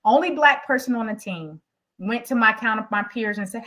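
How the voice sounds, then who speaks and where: A woman's voice: fairly high pitch, moderate pace. Emphatic middle-aged woman telling a story. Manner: animated and emphatic, speaks directly to the audience. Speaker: executive coach. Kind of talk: lively workshop storytelling.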